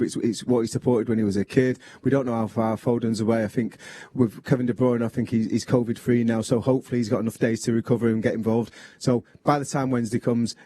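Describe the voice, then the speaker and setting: Mellow fast-talking male pundit. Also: medium pitch, husky, dry recording. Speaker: football pundit. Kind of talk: post-match studio analysis. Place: TV studio.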